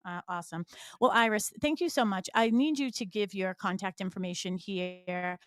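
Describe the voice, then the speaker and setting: A woman with a New England accent hosting a radio show, talking in a chatty, animated way with lots of examples. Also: medium pitch, moderate pace, clean tone, dry recording. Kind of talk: casual radio chat. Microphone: studio mic.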